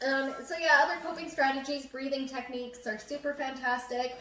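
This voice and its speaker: A woman's voice: sits high, little pitch movement, a little fast, bright, forceful tone. A young adult woman hosting a casual chat, talking earnestly with many fillers. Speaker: host. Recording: echoey room, mic at a distance.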